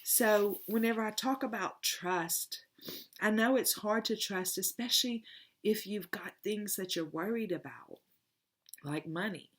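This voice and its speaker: A woman's voice: medium pitch, measured pace, fairly bright tone. A middle-aged woman, a tarot reader telling a personal story in a rambling, heartfelt, emotional way in a casual spiritual vlog.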